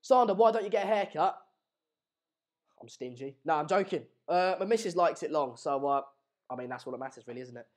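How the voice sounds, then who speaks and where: A young man from England runs a football watchalong stream and chats loosely with his viewers. His voice sits a touch high, and his talk wanders with restarts and jokes. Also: lively intonation, brisk. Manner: jokey banter, rambling with fillers and restarts. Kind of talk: live stream chat reading comments. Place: home room in Madrid.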